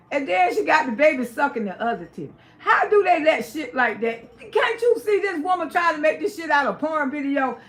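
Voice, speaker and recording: A woman hosting a live stream, giving gossip commentary in a loud, emphatic, profane rant. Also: very high voice. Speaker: livestream host.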